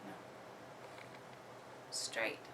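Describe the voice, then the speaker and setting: A young woman from Oklahoma casually talking through her disc golf bag, relaxed, with many ums and the odd giggle. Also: drawn-out words, background noise. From Oklahoma, USA. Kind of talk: casual show-and-tell.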